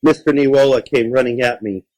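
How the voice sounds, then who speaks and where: A man's voice: fairly even intonation, a little fast, poor audio. Man reading a spooky kids' story. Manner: dramatic, drops low and quiet for suspense. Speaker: story reader. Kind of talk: reading a children's story aloud.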